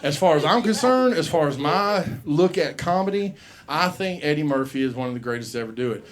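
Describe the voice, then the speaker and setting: A man's voice: a little high, animated, fairly quick. Profane rambling stand-up comedian man. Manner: profane, rambling, acts out voices in quoted bits. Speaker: comedy show host. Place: comedy club stage.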